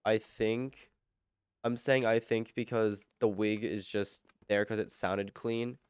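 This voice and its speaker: Man with a smooth, dry voice. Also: lowish voice, little pitch movement, slow pace, no echo. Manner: rambling, answers chat while playing. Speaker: game streamer. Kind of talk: casual live-stream chat.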